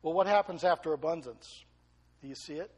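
A middle-aged male pastor preaching a sermon in a husky, somewhat high voice. He builds to loud emphatic peaks, then drops to quiet, close asides to the congregation. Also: a little fast.

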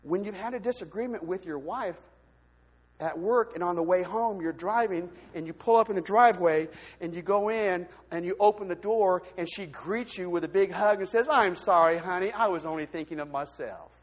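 A man giving a testimony from the pulpit in church, telling his story with lively, acted-out voices. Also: high voice, moderate pace, slightly rough. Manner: animated storytelling, acts out quoted voices. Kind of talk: sermon testimony. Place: church sanctuary. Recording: long hall reverb.

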